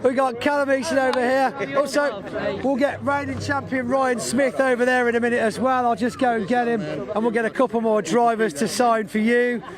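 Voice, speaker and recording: High-voiced, chatty male presenter outdoors. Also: steady tone, a crowd in the background. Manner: chatty, jokey, quick asides. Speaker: trackside presenter. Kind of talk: live walkabout presenting. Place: outdoors at a racing circuit.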